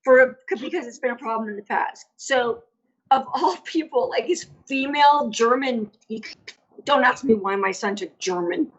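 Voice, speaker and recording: A woman's voice: a little high, normal speed, breathy edge. A woman as a podcast guest, telling stories in a chatty way with lots of "like" and restarts. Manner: chatty, storytelling with many fillers. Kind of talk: casual interview chat. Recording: dull lo-fi audio.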